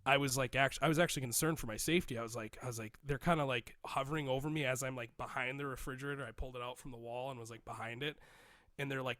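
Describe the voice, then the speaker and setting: A man's voice: mid-range voice, dry recording. A man in his thirties casually telling a rambling story on a podcast, acting out the people he quotes. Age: 30s. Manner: rambling, animated, acts out quotes. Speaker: podcast co-host.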